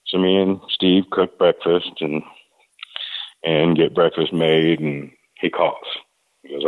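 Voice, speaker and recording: Deep-voiced man telling a hunting story. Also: level tone. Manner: folksy, drawn-out anecdote with quoted dialogue. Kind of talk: casual storytelling. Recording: tinny phone-like line.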